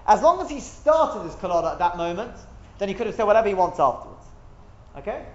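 High-voiced man teaching a Talmud class. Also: very animated, fast talker, highs cut off. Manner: explains step by step, thinks aloud, asks rhetorical questions.

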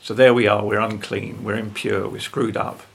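An older man, talking earnestly about faith as a guest, with a gravelly, husky voice and tag questions. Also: on the low side, level tone, moderate pace, a little hiss or hum. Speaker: guest speaker.

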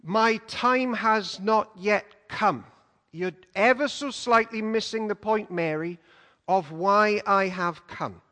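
A firm, gentle male teacher speaks slowly and deliberately, as a preacher voices him. The voice sits a little lower than the speaker's usual pitch and rings through a large hall. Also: exaggerated voice. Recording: long hall reverb.

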